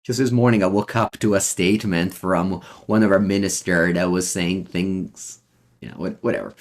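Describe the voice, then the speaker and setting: Italian guy streaming a card game, deep voice, rambles and ums a lot while chatting to viewers. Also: animated, moderate pace. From Italy. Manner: rambling, many fillers and restarts. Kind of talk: casual gameplay commentary, answering chat.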